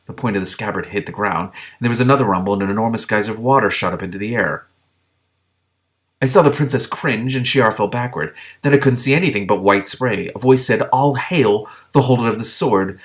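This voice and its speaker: A man reading a novel aloud with his own asides, steady, with small slips that he corrects. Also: on the low side. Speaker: book reader.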